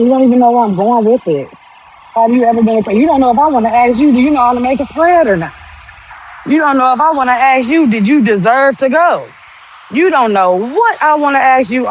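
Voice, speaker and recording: A woman hosting a podcast, talking bluntly in a casual monologue full of rhetorical questions. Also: medium pitch. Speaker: podcast host.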